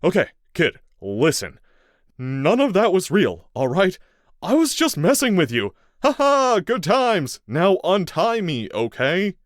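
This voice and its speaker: A man's voice: medium pitch, very animated, unhurried, no room sound, studio quality, pitched above the performer's own voice. A man voicing a crude, foul-mouthed captive who mocks and threatens his interrogator in an audiobook. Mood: nervous bluster. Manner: flippant and foul-mouthed, turning to snarling threats. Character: crude, mocking grown man tied to a chair. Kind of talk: audiobook character voice.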